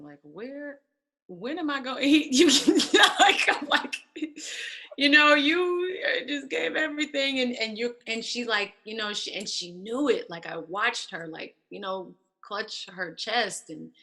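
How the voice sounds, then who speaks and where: A woman in her thirties, appearing as an interview guest, gives a candid personal testimony in a lowish, pushed, bright voice. She tells her story with animation, acting out other people's voices.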